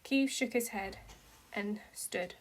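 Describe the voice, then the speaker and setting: In a mid-range voice, a woman takes her time reading a fan fiction story aloud as an amateur. The narration stays steady, but the dialogue rises into cries.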